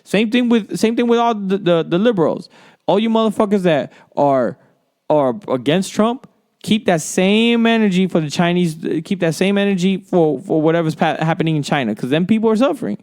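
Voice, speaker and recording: Male sports podcast host, heated profane solo rant, smooth resonant voice. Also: sits high, lively intonation, a little fast, a little mellow.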